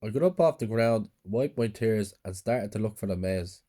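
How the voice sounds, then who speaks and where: A man's voice: on the low side, lively intonation, moderate pace, mellow. A man narrating a horror story in a subdued, plain storytelling way.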